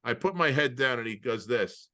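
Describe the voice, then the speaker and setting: A man co-hosting a podcast over a video call, telling anecdotes in an animated way with many restarts. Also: medium pitch, normal speed. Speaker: podcast co-host. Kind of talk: casual storytelling chat.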